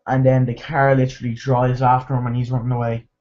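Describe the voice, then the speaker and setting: A man's voice: medium pitch, flat delivery, fast, a little mellow. Rambling young-sounding man on a lo-fi mic. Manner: rambling, filler-heavy, with restarts and mimicked quotes. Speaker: movie reviewer. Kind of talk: casual spoken movie review.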